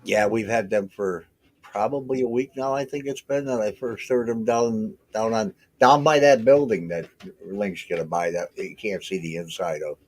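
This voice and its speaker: A man's voice: fairly low pitch, steady tone, normal speed, no echo. An older man in a casual video call chat, teasing his friends and laughing often.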